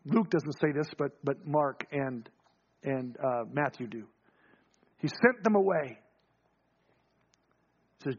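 A man with a high, husky voice preaches a storytelling sermon and acts out the voices in the story. He surges fast and loud, then drops low and hushed. The sound is dull and lo-fi.

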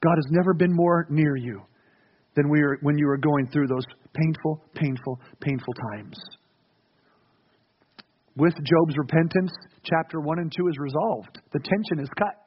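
A man's voice: a little high, unhurried, husky, lo-fi sound. A man preaching a sermon to his church, earnest and repeating key phrases for weight. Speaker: pastor.

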